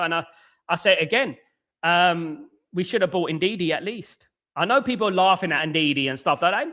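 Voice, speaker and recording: High, bright-voiced man. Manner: repetitive, conversational, greets viewers by name. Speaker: football channel host. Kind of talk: live-stream football talk, reading chat.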